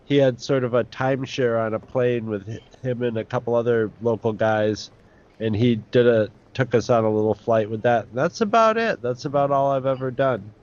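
A man hosting a comedy food podcast, talking in a relaxed, rambling way. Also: medium pitch, normal speed, muffled recording. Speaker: podcast host. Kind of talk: comedic casual chat.

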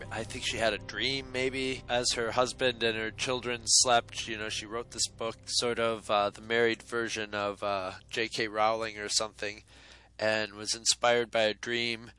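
Guy ranting about movies, snarky and blunt, bright forceful voice, bit of music in the back. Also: fairly low pitch, rough recording. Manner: opinionated and sarcastic, with blunt profanity. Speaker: movie reviewer. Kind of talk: casual film review monologue.

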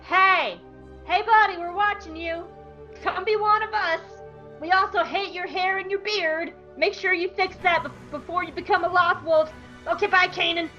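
A woman's voice: extremely high pitch, fairly even intonation, normal speed, sharp tone, muffled recording, faint music behind, voice pushed up. A woman voicing a pack of wolf creatures that tease in a chummy, mocking way. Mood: teasing.

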